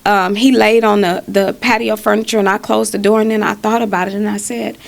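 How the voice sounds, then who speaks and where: A woman's voice: medium pitch, flat delivery, fairly quick, creaky. A woman guest telling a personal story in an interview, acting out the scenes as she goes. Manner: vivid storyteller acting out scenes, voice rising and falling.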